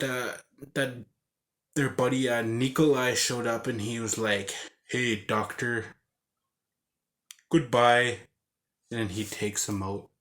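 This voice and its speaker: Speaking in a mid-range, fairly bright voice, a male game reviewer casually recaps a game he played. He rambles, says "like" a lot and restarts sentences, voicing characters with growls and sound effects.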